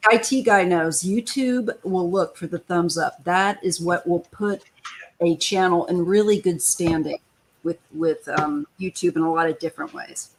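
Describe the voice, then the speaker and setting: On a live tarot stream, a woman host chats casually and hands out emphatic advice, slipping in complaining asides. Her voice sits fairly low and moves at a moderate pace. The recording is rough, with a little hiss or hum.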